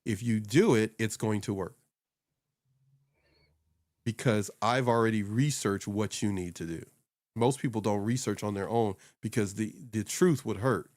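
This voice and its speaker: Male host, casual coaching talk, low voice, loose and rambling, dry close recording. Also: measured pace, darkish tone, no echo. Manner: loose and rambling, laughs often. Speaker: social media coach and host. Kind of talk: casual chat.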